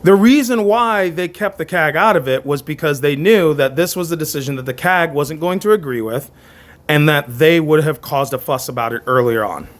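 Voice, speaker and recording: A man with a high-pitched voice rants on his own commentary channel. He talks with heated conviction, stumbling over restarts and hammering the same phrases again and again. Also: moderate pace. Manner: impassioned, repetitive, stammering restarts. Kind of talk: opinionated commentary rant.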